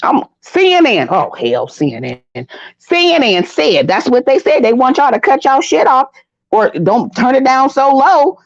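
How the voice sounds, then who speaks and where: A woman hosting a casual livestream from home, commenting on the news in a blunt, profane way with animated outbursts, talking straight to her viewers. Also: high-pitched, measured pace, no room sound. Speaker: livestream host. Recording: dull lo-fi stream audio.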